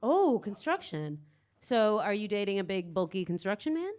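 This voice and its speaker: A woman's voice: medium pitch, very animated, normal speed, a little mellow. A young Canadian woman doing stand-up crowd work in a comedy club basement, teasing the audience and swearing freely.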